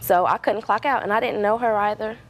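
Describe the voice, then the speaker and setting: A woman's voice: medium pitch, steady tone, brisk, low-quality recording. A young woman testifying as a defendant in court, telling her story in a rambling way with many fillers.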